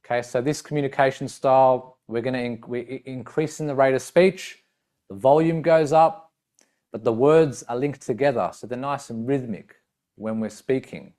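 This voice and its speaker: A man's voice: medium pitch, normal speed, darkish tone. A man training coaches. He explains step by step, checks in with "right?" and "okay", and now and then acts out short voice samples. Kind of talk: teaching talk with demonstrations.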